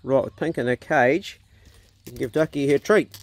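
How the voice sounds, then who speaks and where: A man's voice: medium pitch, normal speed, no room sound. A middle-aged man, chatting casually outdoors on his farm and coaxing his dogs and ducks. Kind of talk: casual farm vlog talk.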